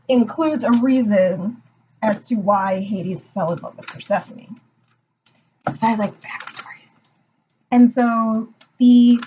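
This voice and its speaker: A woman's voice: mid-range voice, a little mellow, slight background noise. A young woman casually retelling a myth in a laid-back, slangy way, full of fillers. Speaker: storyteller. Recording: dull lo-fi recording.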